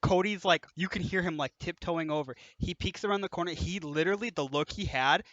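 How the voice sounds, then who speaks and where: A young man hosts a casual podcast chat, telling animated college stories and laughing through them. His voice is bright and sits a bit high. The sound is dry and slightly dull, like a cheap mic. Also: a little fast, dry recording. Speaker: podcast host.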